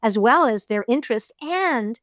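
A middle-aged woman narrator talks in a chatty, storytelling way, laughing easily between points. Her voice sits a bit high. The sound is dry with no room around it. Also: expressive, moderate pace, no echo. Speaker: voiceover artist and audiobook narrator. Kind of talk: casual interview chat.

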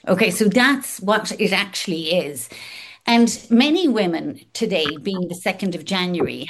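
A middle-aged woman talking candidly as a guest, emphatic and frank, swearing casually and listing things in rhythmic runs. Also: medium pitch. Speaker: guest in recovery. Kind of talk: candid conversational chat.

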